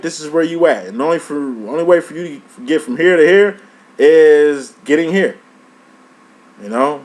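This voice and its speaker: A man giving a casual tarot reading, profane and emphatic, full of streetwise slang. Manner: animated, pitch jumps up and down. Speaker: tarot reader.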